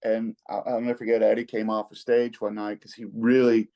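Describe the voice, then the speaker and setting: A middle-aged man, a rock singer-songwriter telling stories in a relaxed interview, folksy and quick to chuckle. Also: on the low side, creaky, rough recording. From American South. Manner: laid-back, folksy, chuckles often, repeats words when excited.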